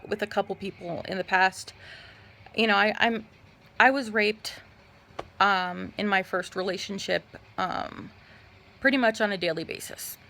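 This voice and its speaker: A young woman talks to her vlog audience while lounging in bed, recounting a personal experience. Her voice has a gravelly vocal fry at mid pitch, and she speaks haltingly, pausing often and filling gaps with "um.". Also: sharp tone. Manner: halting, with frequent fillers and pauses. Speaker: vlogger. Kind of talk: casual personal storytelling.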